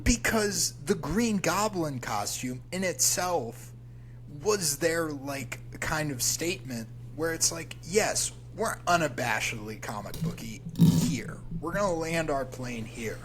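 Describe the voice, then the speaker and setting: A man's voice: on the high side, animated, slow, a bit bright, slight background noise, poor audio. A man co-hosting a movie podcast, chatting casually and giving enthusiastic, opinionated takes. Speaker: podcast co-host.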